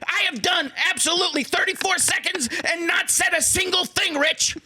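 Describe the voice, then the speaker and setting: A man doing an impression of a wide-eyed, excitable male football analyst who talks in strained, breathless run-on rants. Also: extremely high pitch, normal speed, a little hiss or hum, voice pushed up, full character voice. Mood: shouting.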